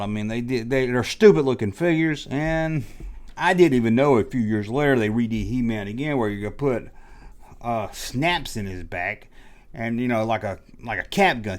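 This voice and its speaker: A middle-aged man telling a rambling, self-mocking confessional story in a casual vlog, as the host of his channel. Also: mid-range voice. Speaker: toy collecting vlogger.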